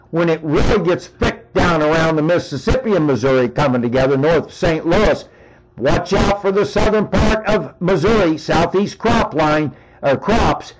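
A man's voice: a little high, slight background noise, low-quality recording. A man hosting a call-in radio talk show, speaking emphatically and warning listeners before handing over to a caller.

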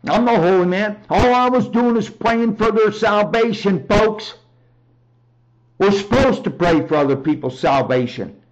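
A man giving a rambling, emphatic personal testimony on a talk show, often raising his voice to near shouting. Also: high-pitched, expressive, a little slow, dull audio.

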